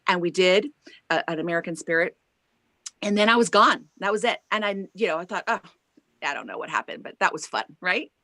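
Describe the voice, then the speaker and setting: A woman singer telling an animated story as an interview guest, acting out quoted voices and tagging lines with "right?". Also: lowish voice, a little fast, no room sound. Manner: lively storyteller who acts out quoted voices and laughs often; chatty, many "like" and "right?" tags.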